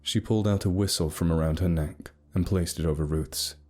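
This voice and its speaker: A man narrating a scripted horror story in a steady, grave storytelling manner. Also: sits low, a little fast. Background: soft music.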